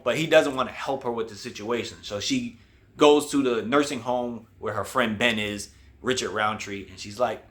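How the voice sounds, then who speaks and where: A man's voice: mid-range voice, pushed and bright. A man hosting a casual movie review, retelling the plot and briefly acting out the characters' lines. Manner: acts out quoted characters with quick voice changes.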